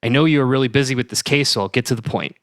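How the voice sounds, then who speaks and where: A man impersonating an awkward, deadpan male interviewer who stammers politely. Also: medium pitch, racing, no room sound, clean studio sound, natural voice. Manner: hesitant, deadpan.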